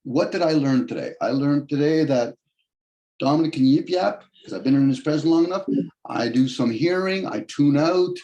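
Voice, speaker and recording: Man holding forth on a video call, loose and argumentative, voice slightly raised in pitch. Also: animated, moderate pace, warm tone, lo-fi sound. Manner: rambling, argumentative, shifts pitch often for emphasis and quoted voices. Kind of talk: casual rambling monologue on a video call.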